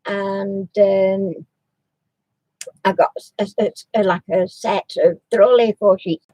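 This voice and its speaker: Chatty woman, mellow dry voice. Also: medium pitch, fairly even intonation, slow, no room sound, rough recording. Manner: chatty and rambling, with many restarts; coos baby talk to her dog. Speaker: crafting live-streamer. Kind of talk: casual live-stream chat.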